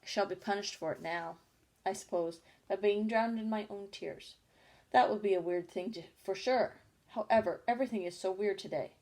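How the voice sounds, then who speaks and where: A woman's voice: mid-range voice, normal speed, darkish tone, close to an everyday voice. Woman voicing a polite, chatty young girl. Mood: musing. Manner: polite, eager, talks half to herself. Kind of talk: storybook reading.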